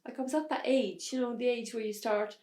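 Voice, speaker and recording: A woman telling a hard personal story as an interview guest, in a halting way with restarts. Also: a little high, fairly even intonation, a little mellow, reverberant. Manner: halting, restarts under strain. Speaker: podcast guest.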